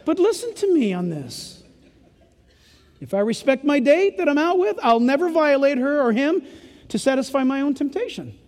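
An older man preaching a sermon in a punchy, folksy way that swings between loud emphasis and hushed asides. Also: very high voice, very animated, moderate pace. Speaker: pastor. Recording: echoey hall reverb.

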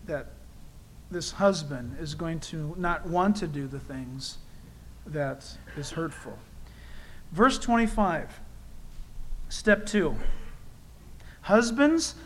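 A man's voice: high voice, fairly bright tone, slight background noise, low-quality recording. A man preaching a sermon in a conversational, emphatic way, repeating key phrases and dropping in personal asides. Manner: self-deprecating personal asides. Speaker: pastor.

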